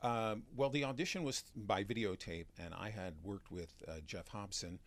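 A man, a magician and stand-up comic, talking in a relaxed interview, restarting sentences as he thinks. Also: lowish voice, normal speed. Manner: chatty, with frequent restarts and fillers. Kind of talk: interview conversation.

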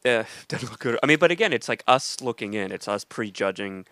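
Gravelly, bright-voiced American man chatting. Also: medium pitch, expressive, a little fast, no echo. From United States. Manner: chatty, rambling, laughs easily. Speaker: podcast co-host. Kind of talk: casual chat. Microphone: studio mic at a soundboard.

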